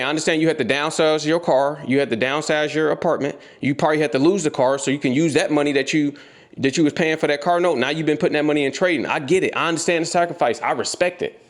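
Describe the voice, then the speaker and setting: A man giving a blunt, profane motivational rant as a trading educator, repeating his points and confronting the listener directly. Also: a little high.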